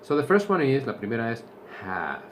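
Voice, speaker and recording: A man teaching English to Spanish speakers, explaining slowly and repeating each point in Spanish. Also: mid-range voice, big pitch swings, background noise. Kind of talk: bilingual language lesson.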